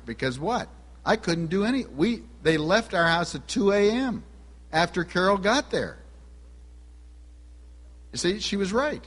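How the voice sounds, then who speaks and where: A man's voice: a little high, expressive, unhurried, pauses often, a bit bright. A man preaching a sermon, telling a personal story and putting questions to the congregation. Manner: asks the audience questions. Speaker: pastor. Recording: long hall reverb.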